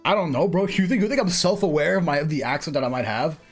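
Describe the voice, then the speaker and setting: A man streaming a game, chatting casually in a rambling way, full of fillers and quick laughs. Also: fairly high pitch, husky, faint music behind. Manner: rambling, filler-heavy, laughs often, says "bro" and "freaking". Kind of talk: casual live-stream chat while playing.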